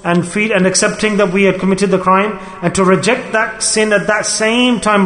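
High-voiced male preacher in echoey hall. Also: fairly even intonation, normal speed, few pauses, fairly bright tone. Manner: emphatic, repeats key words, rhetorical questions. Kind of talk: sermon. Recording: echoey hall with long reverb.

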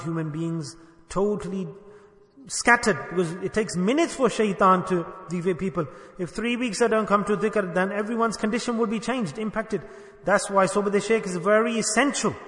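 A man's voice: high voice, a bit bright, echoey room, in a large hall. A man giving a sermon as a spiritual teacher, asking the listeners questions and acting out little dialogues. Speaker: sufi shaykh preacher.

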